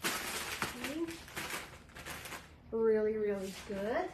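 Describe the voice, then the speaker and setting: A woman's voice: a little high, expressive, drawn-out words. A middle-aged woman, chatting casually with viewers and reading their comments as she does a craft project on a livestream. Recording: echoey room with clear background noise.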